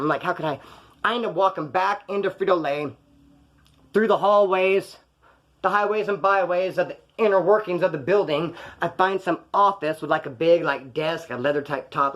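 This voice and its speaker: A man from California spins wild tales from his past, casual, slangy and profane, acting out the voices of the people he quotes. His voice is a little high and fairly bright.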